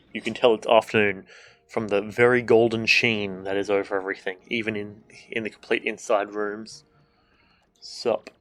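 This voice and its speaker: A man with a fairly low voice chats his way through a game stream from a desk microphone at home. He jokes and swears freely and reads the game's lines out loud. Soft game music plays behind him. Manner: joking and irreverent, swears, reads game dialogue aloud. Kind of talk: casual gameplay commentary.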